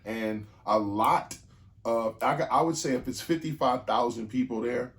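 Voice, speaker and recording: A man co-hosting a podcast, chatting in a relaxed, frank way. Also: mid-range voice, normal speed. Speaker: podcast co-host. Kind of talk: casual chat.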